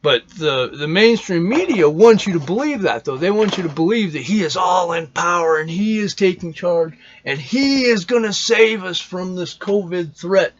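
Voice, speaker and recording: A man's voice: high voice, expressive, moderate pace, few pauses, muffled recording, slight background noise. A man hosting a casual show, rambling through opinions in a loose monologue, swearing often and restarting his sentences. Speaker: podcast host.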